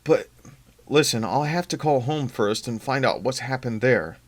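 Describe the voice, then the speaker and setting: A man reading aloud, voicing a nervous young man who speaks in quick, raised, stammering lines. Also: medium pitch, animated, natural voice. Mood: anxious.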